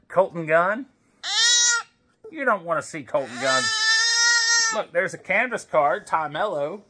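A man's voice: a little high, noisy background. A man casually opening wrestling card packs at home, reading names aloud and chatting to his baby as he goes. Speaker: wrestling card collector vlogger. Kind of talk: casual pack-opening chat.

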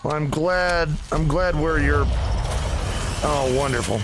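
A man's voice: a little high, expressive, unhurried, a little hiss or hum. A man playing a VR game, chatting animatedly, swearing and talking to the characters. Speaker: gaming host. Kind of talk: VR game let's play commentary. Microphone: VR headset.

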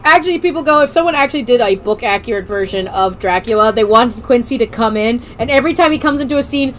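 A woman streaming a video game, chatting excitedly, joking and swearing as she plays. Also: a little high, quick pace, faint music behind. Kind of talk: casual let's-play commentary.

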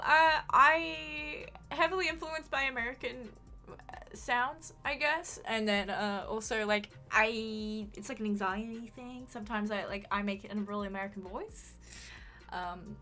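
A woman's voice: a little high, moderate pace, bright, forceful tone, faint music behind. A young woman with a mild Australian accent, chatting casually on a live stream, swearing freely and reading chat aloud.

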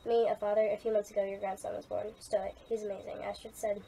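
A young woman reading aloud her old fanfiction, voicing a grieving young male chief who speaks softly and earnestly to his late father. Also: medium pitch, level tone, fast, creaky, slight background noise, close to an everyday voice. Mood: wistful. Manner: soft and heartfelt.

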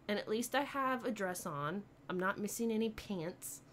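A woman's voice: medium pitch, animated, normal speed, few pauses, a bit bright, a little hiss or hum. Giggly woman chatting on stream. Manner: giggly, reads chat aloud, rambling. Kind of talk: casual live-stream chat while gaming.

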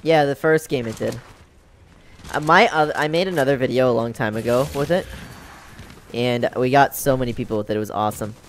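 Relaxed male gaming streamer, chatty. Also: mid-range voice, brisk, slight background noise. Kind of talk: casual gaming chat.

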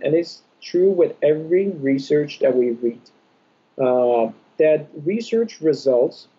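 A young adult man, an orthodontist guest, answering podcast interview questions in a measured, explanatory way with frequent pauses. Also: fairly high pitch, dark tone, slightly rough. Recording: dull lo-fi audio.

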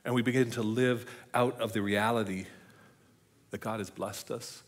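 A middle-aged man preaching a sermon as pastor, telling a story and often dropping to a soft, hushed voice for emphasis. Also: fairly low pitch, steady tone, moderate pace. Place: church.

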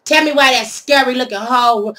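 A woman's voice: sits high, normal speed, fairly bright tone. A woman telling a story in a brash, sassy comic rant, swearing constantly. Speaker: storyteller vlogger. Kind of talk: profane comic rant to camera.

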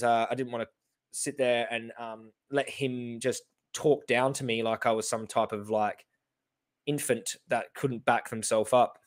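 A man in his thirties with an Australian accent, reacting to his own TV debate with animated, sarcastic commentary. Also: mid-range voice, normal speed. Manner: animated, sarcastic, laughing in disbelief.

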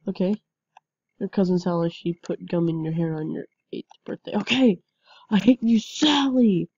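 A woman chatting through a game as she plays, yelping and laughing as things go wrong. Her voice is on the low side and mellow, and she talks slowly between outbursts. The recording sounds dull and lo-fi. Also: no room sound. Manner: excitable, yelps and laughs at the game. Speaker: gameplay commentator. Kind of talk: casual game commentary.

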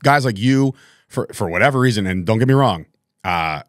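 A man's voice: fairly low pitch, animated, normal speed, no echo, studio quality. A man hosting a podcast interview, talking in a chummy, rambling way with frequent laughs and slang. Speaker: podcast host. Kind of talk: casual interview chat.

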